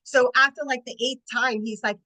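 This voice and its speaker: Woman, late forties, animated storyteller, acts out voices, crisp bright tone, video call. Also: high voice, normal speed, low-quality recording. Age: 40s. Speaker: network marketing consultant. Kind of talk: storytelling on a team training call.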